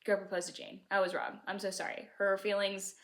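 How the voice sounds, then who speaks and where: A woman voicing a proud rich young man who speaks softly and apologetically. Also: mid-range voice, level tone, a little fast, natural voice. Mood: apologetic.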